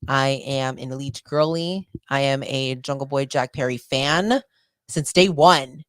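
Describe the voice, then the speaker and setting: Young woman, podcast co-host, casual animated chat, dry close sound. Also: a bass voice, measured pace, no room sound. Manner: chatty, animated storytelling with quoted asides.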